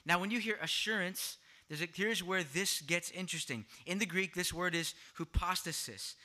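A man's voice: high-pitched, moderate pace. A man preaching a sermon, explaining a word study to his congregation and asking them questions as he goes. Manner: teaching, asks the congregation questions, swings louder for emphasis. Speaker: pastor.

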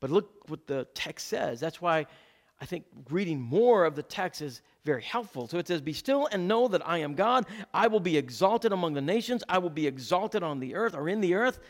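A man preaching a sermon as pastor, exhorting his listeners and repeating key points slowly so they can write them down. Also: lively intonation. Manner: swings between loud exhortation and hushed low lines.

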